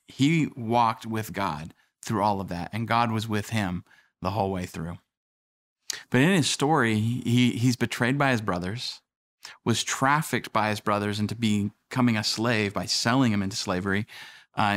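A man's voice: lowish voice, a bit bright. Conversational male pastor telling stories. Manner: conversational storytelling with acted quotes. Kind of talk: sermon.

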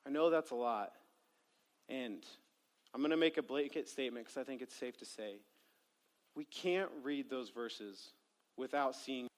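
Male preacher, slightly higher-pitched, earnest scripture reading and sermon, phrases trailing off low and quiet, reverberant church hall.

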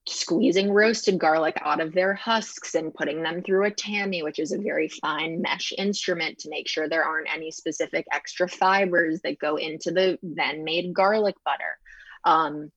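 A young adult woman from Chicago, a chef and TV host, telling her story as an interview guest in a fast, animated way, acting out quoted dialogue. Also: low-pitched, no echo. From Chicago, United States.

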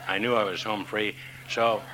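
Older man, lowish voice, chuckling raconteur; noisy live recording. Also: level tone, normal speed, a crowd in the background. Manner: rambling with restarts, chuckling. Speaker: panel guest. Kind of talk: anecdotal storytelling.

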